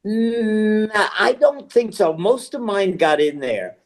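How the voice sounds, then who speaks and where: A man's voice: sits high, lively intonation, slow. An older man, a guest actor, telling casual stories and acting out the voices of the people he quotes. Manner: chatty storyteller, acts out quoted voices.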